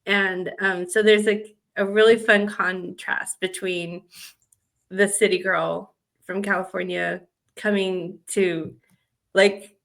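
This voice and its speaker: A woman's voice: medium pitch, little pitch movement, takes it slowly, gravelly, a bit bright. Chatty woman romance podcast co-host. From American South. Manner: chatty, rambling with fillers. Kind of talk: casual chat.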